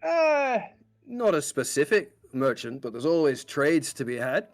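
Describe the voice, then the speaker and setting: A man's voice: a little high, huge pitch swings, measured pace, soft background music. A man narrating a tabletop game as game master, describing scenes in a meandering, detailed way.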